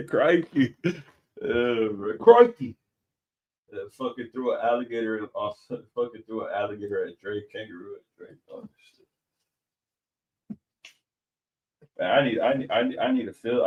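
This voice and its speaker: A man's voice: lowish voice, moderate pace, pauses often, a little mellow, breathy edge. Profane laughing man streaming live. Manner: profane, slangy, laughs a lot. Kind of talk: casual live stream commentary.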